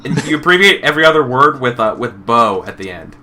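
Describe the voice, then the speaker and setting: Guy hosting a tabletop game stream, bright voice that jumps all over, kinda rambly and laughs at himself. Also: medium pitch, big pitch swings, quick pace. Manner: rambling, self-deprecating, trails off and restarts. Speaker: game facilitator and show host. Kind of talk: casual chat while setting up a tabletop game.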